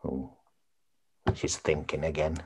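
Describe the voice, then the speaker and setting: A man's voice: rumbling low, flat delivery, takes it slowly, a little mellow, slightly rough, exaggerated voice. An actor playing a chatty son planning a funeral, blunt and earnest, always checking with his mother. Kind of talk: comedy series acting on a video call.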